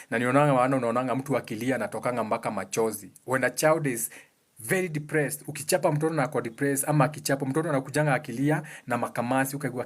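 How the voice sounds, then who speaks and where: A man's voice: mid-range voice, quick pace. Earnest Kenyan man explaining. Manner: earnest and explanatory, with pointed repetition. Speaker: speaker giving advice on emotions. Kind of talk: casual motivational talk.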